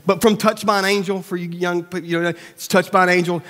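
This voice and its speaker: High-voiced man preaching in an echoing church. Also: fast. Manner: animated preaching, acts out voices of doubt and prayer; drops to a soft, low voice for serious points. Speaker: pastor. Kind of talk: sermon. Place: church sanctuary. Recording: long church hall reverb.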